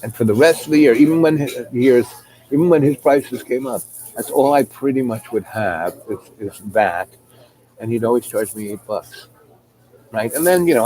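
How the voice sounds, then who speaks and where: A man's voice: mid-range voice, warm tone, rough recording. A middle-aged man telling a long personal anecdote in a rambling, casual way, full of fillers and asides. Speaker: storyteller.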